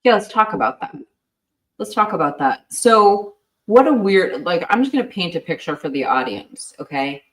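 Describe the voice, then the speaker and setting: A woman's voice: fairly low pitch, animated, a bit bright. Chatty woman, roomy distant sound. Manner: chatty, quick to laugh, lots of "like". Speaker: true crime co-host. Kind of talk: casual livestream chat.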